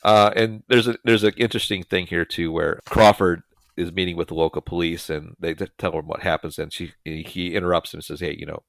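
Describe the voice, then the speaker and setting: A man's voice: low voice, steady tone, a little fast, gravelly, a bit bright, no room sound. A middle-aged man co-hosting a podcast, casually recapping a film with lots of "uh" and restarts. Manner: rambling storyteller with many fillers and restarts. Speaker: podcast co-host. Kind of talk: casual movie recap chat.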